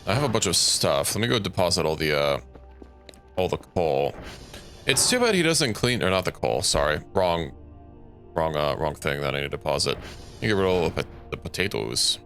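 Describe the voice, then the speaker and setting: A man's voice: extremely low pitch, fairly quick, fairly bright tone, soft background music. A young man streaming a game, thinking aloud in a rambling, casual way and correcting himself as he goes. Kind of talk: casual gameplay commentary.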